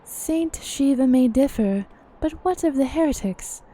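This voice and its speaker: A poised young woman leader speaks in careful, formal sentences, as a woman reads her lines aloud. Her voice sits a touch high with a soft, mellow tone. She is calm and deliberate. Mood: earnest. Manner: formal, measured reading of game dialogue.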